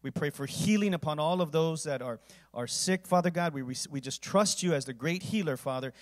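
A man serving as pastor, telling a heartfelt story and leading communion and a closing prayer. He talks earnestly, dropping to a hush at times and rising loud at others. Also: on the high side, fairly quick. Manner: earnest storytelling, volume swinging from hushed to loud.

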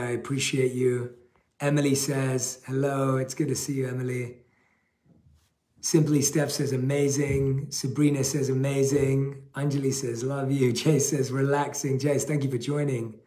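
A man hosting a live guided meditation with a gentle, encouraging delivery. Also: mid-range voice, level tone, a little slow, roomy sound.

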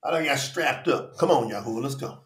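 A man preaching in a livestream sermon, fervently calling out viewers by name and swinging between shouts and low murmurs. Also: animated, fairly quick, echoey room. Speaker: preacher hosting a live Bible study.

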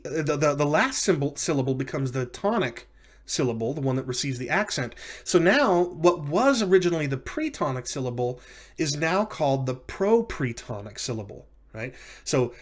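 A man giving a recorded language lecture, explaining step by step with frequent fillers and self-corrections. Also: fairly high pitch.

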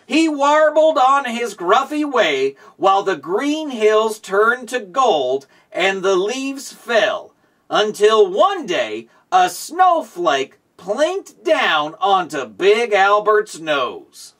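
A man hosting a show and reading a children's storybook aloud in a slow, expressive storytelling way. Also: high-pitched, recorded from a distance. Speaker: show host.

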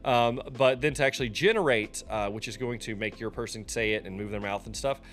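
A man talking through a software tutorial in a casual, loose way, often pausing with ums and restarting his sentences. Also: lowish voice, faint music behind. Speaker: streamer teaching a software tutorial. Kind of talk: casual screen-recorded tutorial.

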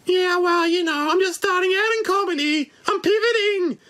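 A man voicing a cheeky male bat puppet who tells jokes in a squeaky, shrill voice. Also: normal speed, bright, forceful tone. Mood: gleeful. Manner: cheeky, gleeful, joking.

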